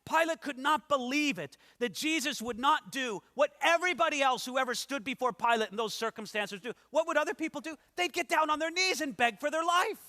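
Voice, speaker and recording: A man's voice: extremely high pitch, a little fast, hardly any pauses, pushed and bright. A man pastor preaching an expository sermon in a church, emphatic and dramatic, acting out the people in the story. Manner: dramatic, acts out scripture characters, emphatic. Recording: long hall reverb.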